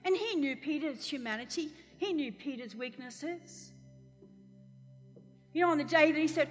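A woman pastor delivers a sermon in a high, bright voice, throwing herself into the quoted lines. Her voice rings through a hall with a long echo. Soft music plays underneath. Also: moderate pace. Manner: animated storytelling, acting out quotes loudly.

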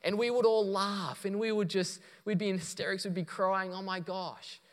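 A pastor with a high-sitting, steady voice preaches at a normal speed, telling a story and quoting others before building to emphatic points. He's in a church auditorium, and the recording carries the long reverb of a church hall.

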